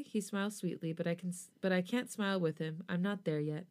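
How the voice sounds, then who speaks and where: A woman podcast host reading a first-person fan fiction story aloud, with expressive delivery. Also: fairly low pitch, a little fast.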